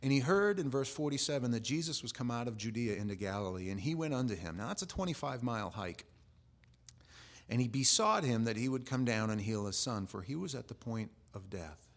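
A man's voice: mid-range voice, animated, a little fast. A man preaching a sermon, earnestly explaining scripture and asking the listeners questions, with restarts and asides.

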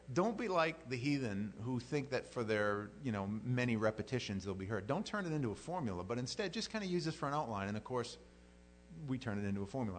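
A middle-aged pastor teaching from the Bible in a folksy, joking way, acting out quotes in silly voices. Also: male voice, medium pitch, lively intonation, fast talker, a little hiss or hum.

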